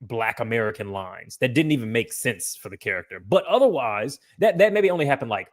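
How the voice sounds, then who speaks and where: A man's voice: mid-range voice, expressive, brisk. A man hosting a livestream podcast, talking casually in a loose, profane, rambling way with frequent restarts. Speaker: podcast host.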